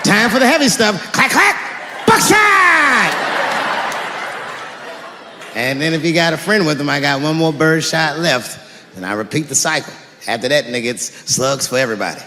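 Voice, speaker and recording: A man doing stand-up comedy, telling stories in an animated way and slipping into character voices. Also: fairly high pitch, fairly quick, very noisy. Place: live stage before an audience. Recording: live hall recording with crowd ambience.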